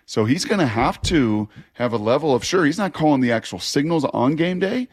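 A man in his forties, a former player, co-hosting sports talk radio and telling long, animated stories. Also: on the high side, fairly quick, slightly rough. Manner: animated, rambling storyteller.

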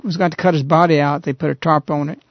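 A man hosting a radio talk show, earnestly retelling a story in a halting, conversational way. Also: fairly high pitch, fairly even intonation, no echo. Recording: dull, lo-fi radio recording.

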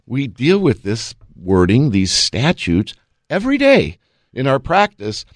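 A man's voice: mid-range voice, a little slow, no echo, studio quality. A man hosting a radio talk show as an estate and elder law attorney, chatting with listeners in a folksy way and reading legal statutes aloud. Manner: animated and folksy, keeps addressing listeners as folks. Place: radio studio.

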